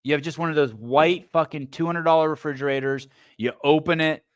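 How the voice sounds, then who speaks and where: A man's voice: fairly high pitch, fairly even intonation, a little fast, smooth, no room sound. Male podcast host, rambling and foul-mouthed, talking close to a dry mic. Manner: profane, rambling riffs with stammered restarts. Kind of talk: casual livestream commentary.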